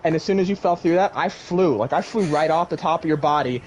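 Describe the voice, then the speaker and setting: A young man in casual chat, retelling a wild dream and acting out its voices with lively swearing. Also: fairly high pitch, quick pace. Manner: animated storyteller, acts out voices, swears casually. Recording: dull lo-fi sound with faint noise.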